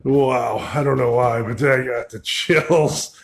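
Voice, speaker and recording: Brief: male paranormal vlogger on his own in a dark old store, mid-pitch voice, loud calls then hushed asides. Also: slow, gravelly. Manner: talks to spirits and camera, shifts between loud calls and hushed asides. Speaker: paranormal investigator. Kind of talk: solo ghost-hunting vlog narration. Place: old store building at night, indoors.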